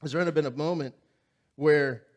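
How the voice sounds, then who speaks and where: Here a man's slightly high voice moves fairly quickly as he preaches in a church sanctuary. The pastor's voice is a bit raised and his manner easygoing and conversational; his sermon is full of animated, comical stories from everyday life, and he keeps directing questions back at the audience.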